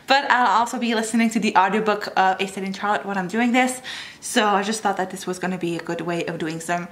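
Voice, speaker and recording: A young woman talks through her week in a casual reading vlog. Her voice sits at a middle pitch, and she fills gaps with ums and likes as she chats. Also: brisk, fairly bright tone. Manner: chatty, frequent ums and likes. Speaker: book vlogger.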